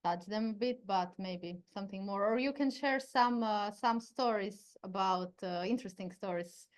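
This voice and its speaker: A woman's voice: mid-range voice, moderate pace. Female interviewer and musician, casual, hesitant phrasing. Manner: searching for words, many fillers.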